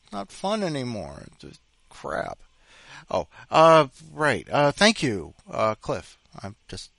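A man hosts a podcast, rambling from one tangent to the next with self-deprecating jokes. His pitch swings widely and his tone is bright and forward. The close mic sounds dry. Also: dry recording. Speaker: podcast host. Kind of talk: casual rambling chat.

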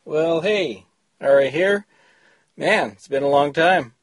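Man, story reader, phone recording, slow pace, dry sound. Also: on the high side, dry recording. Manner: informal, chatty intro before reading. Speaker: story contributor. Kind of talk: reading his own short story.

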